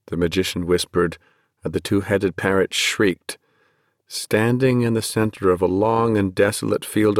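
A man narrating a fantasy novel at a measured, steady pace. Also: on the low side, no echo, clean studio sound. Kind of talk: audiobook narration.

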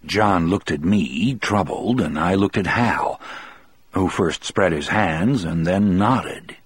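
Male audiobook narrator, first-person novel: deep, husky, measured, dry close recording. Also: dry recording.

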